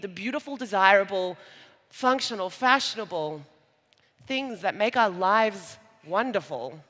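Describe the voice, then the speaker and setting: A woman's voice: mid-range voice, fairly bright tone. A woman with an Australian accent giving a conference keynote on stage, conversational and jokey, with playful asides to the audience. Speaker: conference speaker. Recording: live talk in a large reverberant hall.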